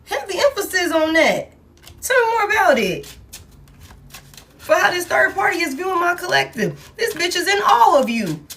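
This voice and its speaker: A woman doing a collective tarot reading, swearing freely and speaking with emphatic, animated energy. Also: very high-pitched, normal speed. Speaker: tarot reader.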